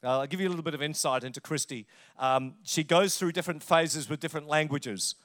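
A man's voice: on the high side, fast talker, fairly bright tone. A middle-aged man with an Australian accent, preaching a conversational sermon and telling stories with jokes along the way. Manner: chatty, joking storyteller. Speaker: pastor.

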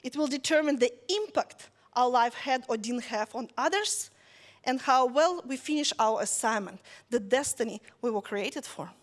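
A woman preaching a conversational sermon, telling a story lively and checking in with listeners as she goes. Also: fairly high pitch, normal speed.

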